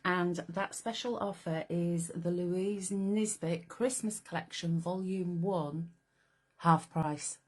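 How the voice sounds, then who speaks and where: A woman's voice: lowish voice, steady tone, slow. A woman hosting a casual live craft stream, chatting away and greeting viewers by name. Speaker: livestream host.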